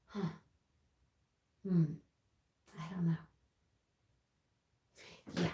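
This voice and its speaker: A woman hosting a casual livestream, chatting and answering viewers' comments as she reads them. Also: mid-range voice. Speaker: livestream host. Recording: roomy home recording with faint ambient noise.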